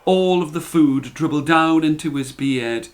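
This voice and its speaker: A man narrating a children's fairy tale in a deliberate, repetitive storytelling manner. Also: on the high side.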